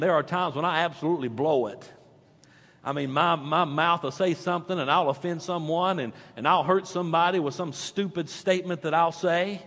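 A male pastor preaching a sermon in a church, swinging from loud animated peaks to hushed quiet stretches. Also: a little high, in a large hall.

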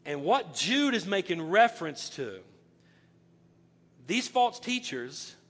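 A man's voice: high voice, big pitch swings, slow pace. A male pastor preaching a sermon, reading scripture aloud with emphatic asides and stumbling restarts. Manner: repeats words when starting sentences. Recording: echoey hall reverb.

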